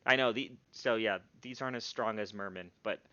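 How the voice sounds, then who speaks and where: A man narrating and refereeing a tabletop game on a live stream, talking in a relaxed, halting way with plenty of fillers. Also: fairly low pitch, no room sound. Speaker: game master. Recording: dull, lo-fi stream audio.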